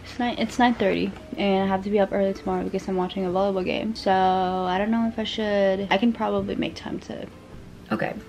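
Hoarse young woman vlogging at home. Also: mid-range voice, fairly even intonation, quick pace, hardly any pauses, darkish tone, poor audio. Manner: rambling, chatty, trailing off mid-sentence. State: hoarse, lost voice. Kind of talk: casual vlog chat. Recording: music playing behind the voice.

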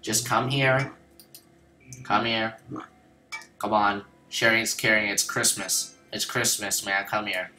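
A man giving casual, excitable commentary over his own gameplay, joking and repeating phrases as he plays. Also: fairly low pitch, slow, pauses often, echoey room, faint music behind.

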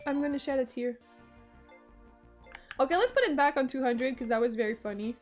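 A fairly high-voiced woman whose first language is French chats casually on a game stream. She cracks jokes, swears freely and yelps in sudden bursts of excitement. Faint music plays in the background. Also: a little fast. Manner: profane, joking, with sudden excited outbursts. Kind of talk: casual gaming stream chat.

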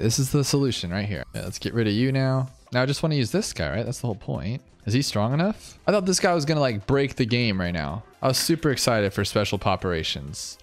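A man streaming a tower defense game live, chatting with viewers and jumping to high yelps when the game gets tense. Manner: excitable, talks to chat, jumps to high yelps when tense. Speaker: gaming streamer. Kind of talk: live gameplay commentary.

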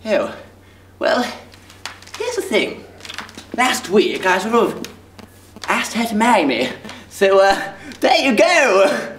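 Young actor as a nervous, stammering toff of a son, echoey room from afar. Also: male voice, sits high, slow pace, long pauses, slight background noise, exaggerated voice. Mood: sheepish. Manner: stammering, old-fashioned, excitable. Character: anxious, bumbling young man, a doting mother's son. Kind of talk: student stage acting. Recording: echoey room, mic far off.

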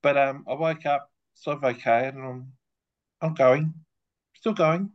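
A groggy man on a video call, speaking haltingly after anaesthesia. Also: mid-range voice, steady tone. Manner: halting, trailing off. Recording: dull lo-fi call audio.

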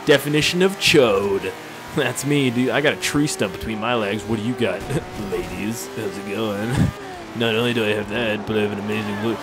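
A man giving crude, rambling, joking commentary while playing a racing game. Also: mid-range voice. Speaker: gameplay commentator. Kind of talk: casual gameplay commentary. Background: game music and car engines.

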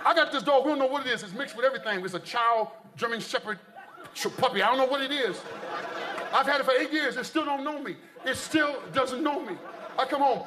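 A man from the United States working a stand-up stage, his voice very high and forceful. He tells stories in an animated, exaggerated way while an audience laughs faintly behind him. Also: brisk, a faint crowd. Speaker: stand-up comedian. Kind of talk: live stand-up comedy. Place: stage before a live audience.

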